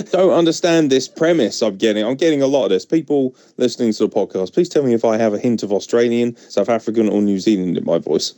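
A man's voice: medium pitch, fast talker, few pauses, warm tone, no room sound, clean studio sound. A young English man with an English accent hosting a podcast in casual, blunt, joking chat. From England. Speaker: podcast host.

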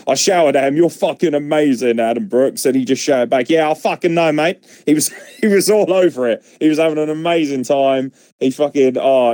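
Excitable sweary man, mellow voice. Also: mid-range voice, no room sound. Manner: excitable, swears freely, laughs often. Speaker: podcast host. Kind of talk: casual recap monologue.

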